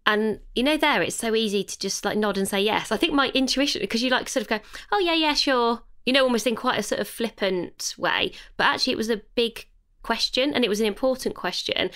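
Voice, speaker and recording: A woman's voice: medium pitch, fairly bright tone. A woman co-hosting a podcast, talking in a reflective, hesitant way with many fillers. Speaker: podcast co-host. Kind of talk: casual podcast chat.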